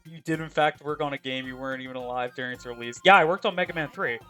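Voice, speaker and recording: A man's voice: medium pitch, quick pace, pushed and bright, faint music behind. A man streaming a game live, chatting casually in a profane, joking, rambling way. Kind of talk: casual chat while playing a game live.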